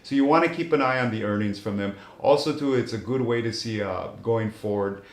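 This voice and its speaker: A man who is an investment strategist on a finance show, explaining things in a measured way with frequent fillers. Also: lowish voice, reverberant.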